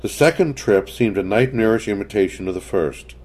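Guy reading a spooky story aloud, lowish voice, steady. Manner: measured storytelling. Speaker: narrator. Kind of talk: scripted narration.

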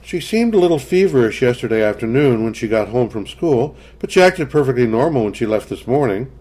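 A man voicing a loud, cheerful young woman schoolteacher, speaking in a brisk, jovial way well above his own pitch. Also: sing-song.

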